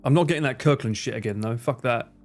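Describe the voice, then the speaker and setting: A man chatting casually on his livestream, rambling, joking and swearing freely with quick asides. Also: mid-range voice, faint music behind. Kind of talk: casual chat reading stream chat.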